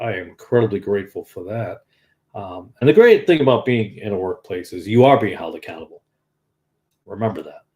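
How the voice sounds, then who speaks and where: A man's voice: lowish voice, dark tone. A man in his fifties with a Northern US accent, giving an informal, earnest sermon as a lay preacher. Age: 50s. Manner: earnest and conversational.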